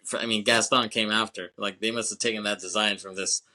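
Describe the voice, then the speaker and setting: A man's voice: fairly low pitch, steady tone, brisk, sharp tone. A man co-hosting a film podcast, talking in a loose, rambling casual way, with filler phrases and casual swearing. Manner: rambling, frequent "you know what I'm saying". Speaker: podcast co-host.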